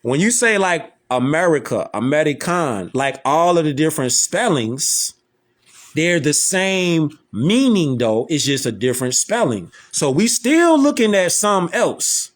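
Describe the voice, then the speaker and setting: A man's voice: on the high side, sing-song, unhurried. A man with a Chicago accent, talking casually and loosely in a slangy monologue and often repeating "you know what I'm saying.". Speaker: social media talker.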